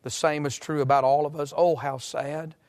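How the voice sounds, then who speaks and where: Man, preacher, high voice, fervent sermon, pleading appeals. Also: flat delivery, normal speed, darkish tone.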